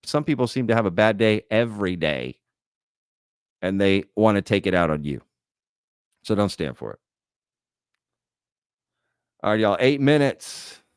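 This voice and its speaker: A male host reads chat comments on a live stream and answers them bluntly, in a lecturing way. His voice sits low. The sound is dry and close. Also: animated, measured pace, long pauses, smooth, no room sound.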